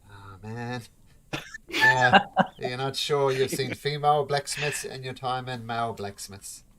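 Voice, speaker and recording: A game master narrating a tabletop game in a relaxed, halting way with many fillers. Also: medium pitch, a crowd in the background.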